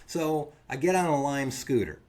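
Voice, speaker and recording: A man with a slightly high voice co-hosts a casual podcast. He tells a funny story with lots of energy and acts out the lines of the people in it. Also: animated, moderate pace, darkish tone. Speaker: podcast co-host.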